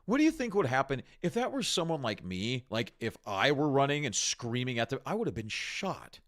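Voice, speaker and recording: A man's voice: mid-range voice, sing-song, normal speed, a bit bright. A man hosting a ranting commentary on video clips, exasperated and mocking, with frequent swearing. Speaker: commentary host.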